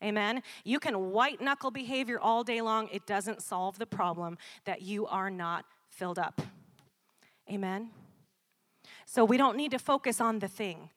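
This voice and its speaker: A woman preaching a sermon, checking in often with "Amen?" and building to loud, emphatic peaks. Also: medium pitch, unhurried.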